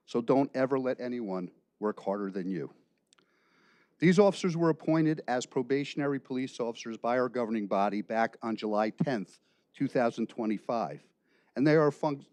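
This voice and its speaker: Man in his 60s, police chief; formal, measured ceremonial speech; dry, close sound. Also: mid-range voice, darkish tone, no echo. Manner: measured, ceremonial delivery with deliberate pauses. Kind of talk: formal prepared speech at a council meeting.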